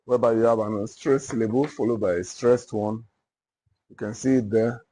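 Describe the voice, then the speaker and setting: A man with a Nigerian accent teaching literature to a class, dictating notes and repeating each phrase slowly. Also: medium pitch, steady tone, mellow. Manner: slow, repetitive dictation.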